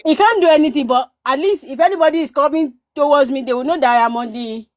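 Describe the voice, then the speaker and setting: A Nigerian-born woman tells stories in a lively, animated way, often repeating words for emphasis and acting out what others said. Her voice sits a little high, and the recording is dry and close, with no room echo. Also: fast. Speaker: guest. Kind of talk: casual storytelling chat.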